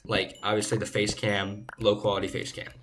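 A young man with a lowish voice rambles in a playful, chatty way while gaming. His cheap desk mic picks up clear hiss and noise. It sounds like a casual home recording. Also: monotone, moderate pace, a bit bright. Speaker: gaming channel host. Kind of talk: casual chat while playing. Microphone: low-quality desk microphone. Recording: noisy low-quality home mic.

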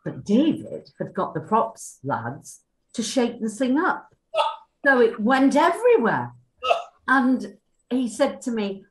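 A woman's voice: on the high side, very animated, slow pace. An older woman, a former cast member, chatting through anecdotes with lots of fillers and acted-out quotes. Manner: chatty, full of fillers, acts out quoted dialogue. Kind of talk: anecdotal reminiscing. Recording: roomy echo.

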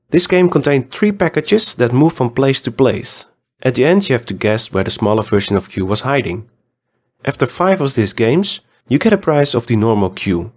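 A man hosting a podcast and reading a news segment in an even, read-aloud way. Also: mid-range voice. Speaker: podcast host.

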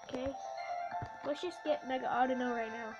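A woman commenting casually on a puzzle game as she plays, excitable and full of little oohs and cheers. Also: high voice, normal speed, dull audio. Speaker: let's play host. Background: game music.

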